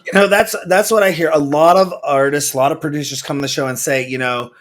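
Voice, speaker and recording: A man's voice: a little high, quick pace, hardly any pauses. A man hosting a casual interview, rambling and restarting with friendly asides. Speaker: show host. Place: remote video call studio.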